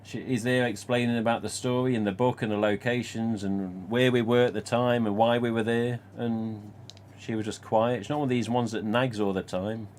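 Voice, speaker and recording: A man's voice: fairly low pitch, steady tone, normal speed, few pauses, darkish tone, slight background noise. A man hosting a casual live stream, telling rambling stories and swearing mildly as he answers comments. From England. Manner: rambling and anecdotal, with mild swearing.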